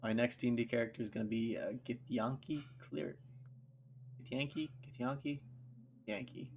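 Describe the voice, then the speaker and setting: A man's voice: mid-range voice, fairly even intonation, a little fast, a little hiss or hum. A man streaming a game live, casually thinking aloud and reading viewer messages back as he plays. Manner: rambling, thinks aloud and reads chat questions back. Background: loud game soundtrack music.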